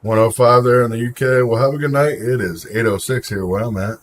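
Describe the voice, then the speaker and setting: A man hosts a live stream at medium pitch and a slightly quick pace. He chats casually and voices strong opinions, answering viewer comments and calling out chatters by name.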